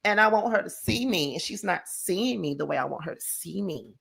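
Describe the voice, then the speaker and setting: A man's voice: sits high, lively intonation, fairly quick, gravelly, noisy background, full character voice. A man putting on a whiny impression of a needy, attention-hungry woman from a reality show. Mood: mocking.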